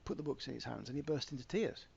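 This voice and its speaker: A man's voice: mid-range voice, quick pace, creaky, muffled recording, crowd noise. A man, an author, talking frankly and self-deprecatingly in a casual podcast chat, with stammering restarts.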